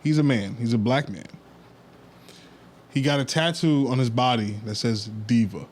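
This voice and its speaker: A man's voice: medium pitch, normal speed, slight background noise. A man hosts a casual podcast in a loose storytelling manner. He drops blunt opinions in an easygoing way. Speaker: podcast host. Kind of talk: casual chat.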